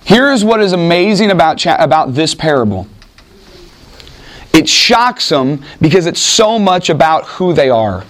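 A man's voice: a little high, sing-song, measured pace, fairly bright tone. A man preaching a sermon in a conversational way, reading scripture aloud and acting out the voices in it. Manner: conversational, acts out voices in Bible stories. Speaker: pastor.

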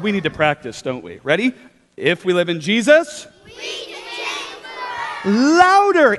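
A young man leading a children's church talk, upbeat and animated, coaxing the kids to join in. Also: very high-pitched, slight background noise. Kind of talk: children's sermon. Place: large church hall with children. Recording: hall reverb.

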